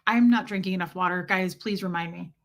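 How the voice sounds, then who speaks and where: Talking fast in a fairly low voice, a woman in her forties chats casually on her livestream. She fields viewer comments and tells stories frankly and bluntly, quoting others' voices.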